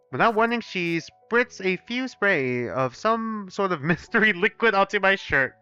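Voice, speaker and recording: Young male streamer, bright and lively, swears a lot, reads and reacts; dry, slightly dull mic. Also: sits high, normal speed, few pauses, smooth, no room sound, soft background music. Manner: animated, profane, talks to chat. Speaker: gaming streamer. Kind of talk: live let's play, reading aloud and commenting.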